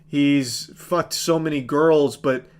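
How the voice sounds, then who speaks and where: A man's voice: on the high side, steady tone, slow pace, clear, resonant tone. A man in his thirties giving a ranting movie review, exasperated and sarcastic, swearing freely.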